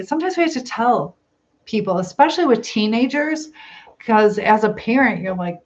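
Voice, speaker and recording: Middle-aged woman hosting a casual live stream; soft, reassuring and inquisitive; slightly muffled lo-fi recording. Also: a little high, animated, normal speed. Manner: gentle, reassuring, asks many questions. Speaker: live chat host. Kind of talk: casual live-stream chat reading comments. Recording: slightly dull lo-fi sound, faint room noise.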